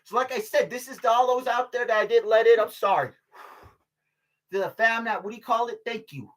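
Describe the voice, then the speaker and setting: A man's voice: very high-pitched, fairly quick, a bit bright. Profane rambling older man. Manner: profane, rambling, many fillers and restarts; laughs between remarks. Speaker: vlogger. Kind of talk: casual rambling monologue.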